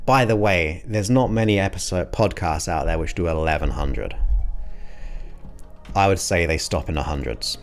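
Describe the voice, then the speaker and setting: Deep-voiced chatty English host. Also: male voice, moderate pace, soft background music. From England. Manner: animated, chatty, enthusiastic. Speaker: podcast host. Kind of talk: casual livestream chat.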